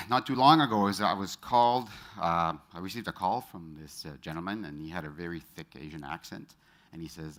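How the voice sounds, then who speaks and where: A middle-aged man gives a motivational talk from a stage, his low voice carrying a bright, forceful edge. He shares personal anecdotes and engages the live audience with quick show-of-hands questions.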